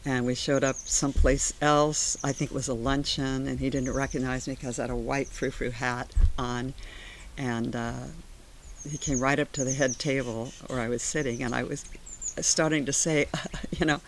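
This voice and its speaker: An older woman shares personal memories in a relaxed oral history interview. She is animated and slips into the voices of the people in her stories. Her storytelling is conversational and unscripted. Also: rumbling low, normal speed, a little hiss or hum. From Sacramento area, USA.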